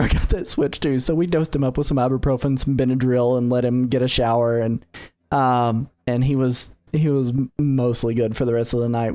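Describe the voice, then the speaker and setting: A man in his thirties with a mellow, mid-range voice co-hosts a podcast, chatting casually. He rambles through a long story packed with fillers, acting out the quotes as he goes.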